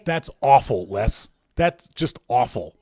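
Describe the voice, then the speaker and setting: Lively, chatty male podcast host. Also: medium pitch, slow pace, slightly rough, no room sound, studio quality. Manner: chatty and teasing, laughs often, many restarts. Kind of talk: casual call-in show, reading listener emails.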